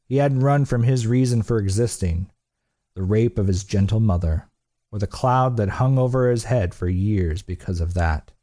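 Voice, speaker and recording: A man narrating an audiobook in a steady, blunt, profane delivery. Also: on the low side. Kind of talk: scripted narration.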